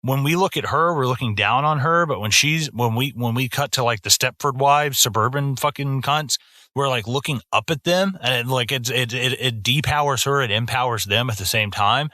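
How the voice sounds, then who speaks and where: Young man, podcast co-host, casual profane film chat, bright tone, dry sound. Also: medium pitch, moderate pace, no echo. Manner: profane, animated storytelling with put-on voices.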